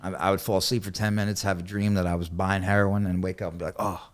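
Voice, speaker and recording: A man from New York tells a long story in a relaxed, lowish voice. He swears freely and acts out other people's words, jumping loud and high for the quotes and then sinking back to a low mutter. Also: fast. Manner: animated, acts out quotes with sudden loud jumps. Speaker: podcast guest. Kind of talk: casual storytelling.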